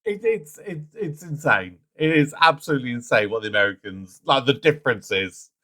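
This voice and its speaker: A man's voice: mid-range voice, a little fast. A British man hosting a reaction video, chatting casually and restarting his sentences. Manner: chatty, restarting sentences, bursts into loud mock whooping. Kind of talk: casual commentary.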